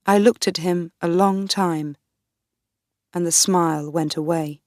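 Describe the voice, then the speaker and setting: A woman narrating a first-person story slowly and clearly for English learners. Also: fairly low pitch, fairly even intonation, a little mellow, no echo, studio quality. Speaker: narrator of a graded reader story.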